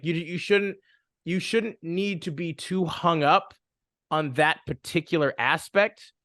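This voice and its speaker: A young man with a fairly high voice talks in a loose, rambling way, looping through fillers and false starts. The sound is close and dry, with no room in it. He co-hosts a casual chat about running games. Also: a bit bright, no room sound. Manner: rambling, many fillers and restarts. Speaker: podcast co-host.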